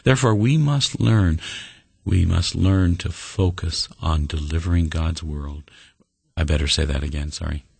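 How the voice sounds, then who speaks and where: A man's voice: deep voice, unhurried, vocal fry, a little mellow, breathy edge, no echo. A man preaching a sermon as a pastor for listeners, earnest and folksy, with light jokes. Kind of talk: radio sermon.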